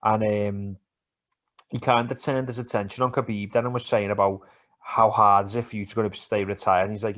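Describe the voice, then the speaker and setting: A man co-hosting a podcast, chatting in a sweary, animated, teasing way. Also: on the low side, brisk. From England. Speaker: podcast co-host. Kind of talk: casual banter about football and MMA.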